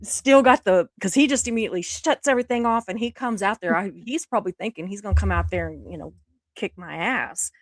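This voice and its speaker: Woman co-host spinning a relaxed story. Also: mid-range voice, no echo. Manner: relaxed drawn-out storytelling with fillers. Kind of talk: casual storytelling chat.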